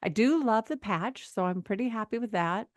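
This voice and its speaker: A woman in her sixties chatting on a health talk show, telling stories in an animated way and acting out the voices of others. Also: mid-range voice, normal speed, no echo, studio quality. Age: 60s. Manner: animated storyteller, acts out quoted voices. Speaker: health podcast co-host. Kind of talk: casual chat.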